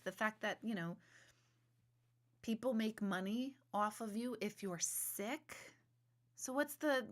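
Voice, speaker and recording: A woman's voice: on the high side, a bit bright. A middle-aged woman hosting a live stream, talking candidly and rambling, reading viewer comments and swearing when she rants. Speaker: livestream host, intuitive reader.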